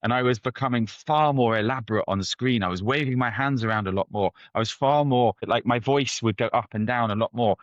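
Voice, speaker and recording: A man, a guest anthropologist, answering interview questions in a conversational, animated storytelling way with frequent restarts. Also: mid-range voice, a little fast, hardly any pauses, no echo, lo-fi sound. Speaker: head of ethnography, guest.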